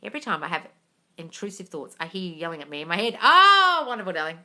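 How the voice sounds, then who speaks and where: Talking fast in a fairly low voice, a young woman hosts a laid-back live question-and-answer stream. She's blunt, curses freely, calls her viewers darling, and lively, jumping into loud bursts of excitement.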